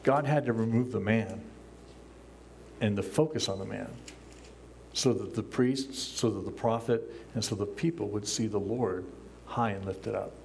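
An older man, a pastor, preaching a sermon from a church pulpit in a relaxed, conversational way, chuckling often and acting out the lines he quotes. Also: lowish voice, unhurried, vocal fry, a little hiss or hum. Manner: acts out quoted lines in a raised voice.

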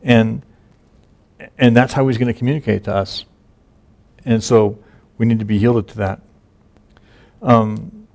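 A man delivers a relaxed, conversational sermon, his low voice gravelly and rough at the edges. He tells the scripture story loosely, full of fillers and asides. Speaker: pastor. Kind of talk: casual sermon.

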